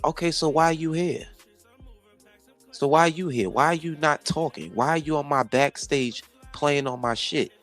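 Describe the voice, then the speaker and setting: A man's voice: a little high, measured pace, fairly bright tone, soft background music. A man hosting a casual livestream, talking to viewers and a co-host in a brash, profane, mocking way.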